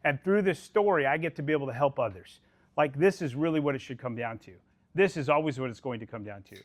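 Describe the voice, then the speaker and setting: A man leading a sales team meeting, giving an energetic, profane pep talk and calling people "dude". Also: mid-range voice, fast. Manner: animated, swears, calls people dude.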